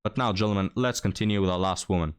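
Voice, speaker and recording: Scornful lecturing man, low voice. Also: quick pace, clear, resonant tone. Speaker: reaction commentator. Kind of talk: mocking reaction commentary.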